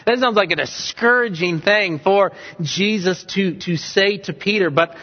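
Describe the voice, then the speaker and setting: Male pastor, slow deliberate sermon, fairly high voice, long church reverb, kinda dull sound. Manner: earnest, repeats questions for emphasis. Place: church sanctuary.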